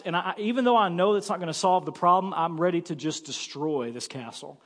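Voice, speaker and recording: A man in his thirties preaches with a fairly high voice, spinning a story with an animated, humorous delivery. His words ring out with a long reverb in a church sanctuary. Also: fairly quick, hardly any pauses. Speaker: pastor. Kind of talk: sermon.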